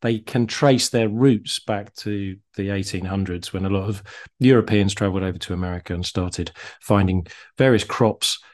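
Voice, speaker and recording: A man, co-hosting a casual chat and explaining things in a steady way with some fillers. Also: on the low side, moderate pace. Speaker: co-host.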